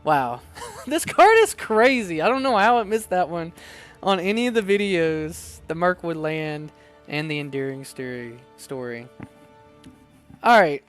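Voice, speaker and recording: A man hosting a casual card-opening video, chatting excitably and reading card text aloud. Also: a little high, unhurried, clear, resonant tone, faint music behind. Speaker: card-opening channel host. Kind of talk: casual unboxing chat.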